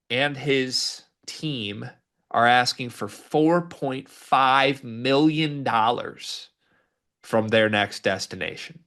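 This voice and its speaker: A man co-hosting a casual sports talk show, animated and lifting his pitch for emphasis. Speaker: sports podcast co-host.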